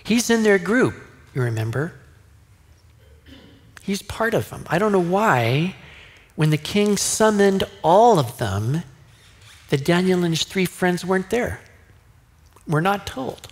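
A man's voice: sits high, very animated, slow pace, pauses often. A male pastor preaching a sermon in a conversational way, now and then acting out the voices of people in the story. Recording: long hall reverb.

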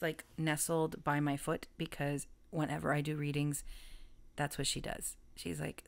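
Low-voiced giggly woman reading tarot. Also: flat delivery, a little slow, vocal fry. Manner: chatty, giggly, rambling with frequent laughs. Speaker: tarot reader. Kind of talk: casual spoken tarot reading.

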